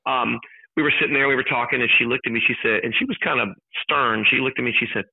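A man chatting as a radio guest, a loud, animated storyteller who says he has no inside voice. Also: mid-range voice, fast talker, vocal fry, husky. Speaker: guest, stadium announcer. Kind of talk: casual radio chat. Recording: dull lo-fi remote line.

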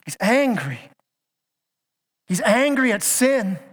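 High-voiced preaching man, reverberant hall. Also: very animated, slow pace. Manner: earnest, emphatic preaching with repeated questions and stammered restarts. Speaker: pastor. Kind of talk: sermon. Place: church sanctuary. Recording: church hall with long reverb.

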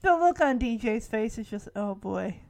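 A woman's voice: on the high side, animated, moderate pace, a little mellow. A woman casually recapping a TV episode, with sarcastic, amused asides.

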